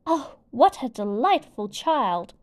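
A woman voicing a zany, excitable man at a tea party in a storybook reading, exclaiming warmly. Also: high-pitched, a little slow, voice pushed up, full character voice.

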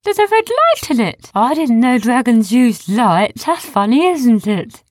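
Woman voicing squeaky, grumbling male sidekick for a storybook; high and bouncy, slow, dry close mic. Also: big pitch swings, no room sound. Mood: curious. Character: fussy cautious male creature sidekick, chatty.

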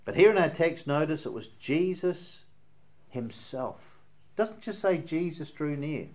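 A man's voice: a little high, lively intonation, measured pace, darkish tone. A man with a Northern Irish accent preaching a sermon in an earnest, emphatic way, weaving in stories as he goes.

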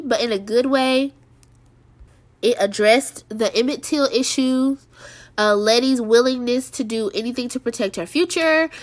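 Reviewing TV episodes as a show host, this woman talks casually and emphatically, repeating herself and using lots of fillers. Her voice is a little high with a fairly bright tone.

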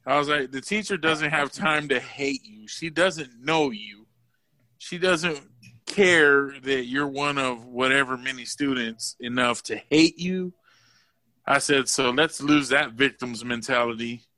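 A man's voice: medium pitch, a little slow, pushed and bright. A man in his forties, co-hosting a casual podcast chat, joking and doing mock voices. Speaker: podcast co-host. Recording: dry close sound.

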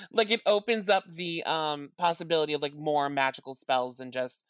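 A woman co-host chats casually, stumbling through her thoughts with plenty of fillers and quick jokes. Her voice is very low for a woman. The recording is dry and close. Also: dry recording. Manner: halting, filler-heavy, joking. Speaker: podcast co-host. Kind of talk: casual chat.

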